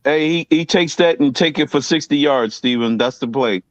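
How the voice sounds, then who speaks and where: A man's voice: on the high side, normal speed, highs cut off. A man on a sports podcast talks up a big play with eager energy, his voice sitting a little above average. The delivery is loose and chatty. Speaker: podcast panelist. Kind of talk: casual sports podcast chat.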